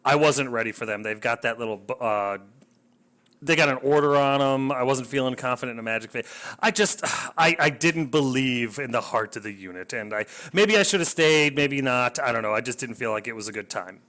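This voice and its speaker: A man's voice: medium pitch, a little fast, bright, forceful tone. A man casually narrating a tabletop wargame battle report, rambling, self-deprecating and swearing when things go wrong.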